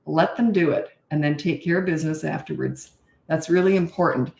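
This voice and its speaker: A woman's voice: low-pitched, fairly quick, gravelly, darkish tone. An older woman, a parenting coach, giving blunt, direct advice in a live-stream Q&A. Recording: echoey room.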